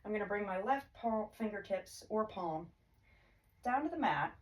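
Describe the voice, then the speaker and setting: A woman yoga instructor calmly cueing poses and breaths in a guided class, her throat a little choked up. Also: mid-range voice, moderate pace. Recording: distant mic with faint background hiss.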